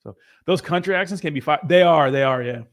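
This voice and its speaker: A man's voice: on the high side, quick pace. A young man hosting a crypto livestream who reads out viewer comments in casual, rambling, profane chat.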